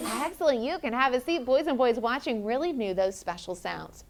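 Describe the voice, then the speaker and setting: A woman teacher leading a classroom phonics lesson, encouraging children and sounding out letters slowly. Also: fairly high pitch, a little hiss or hum.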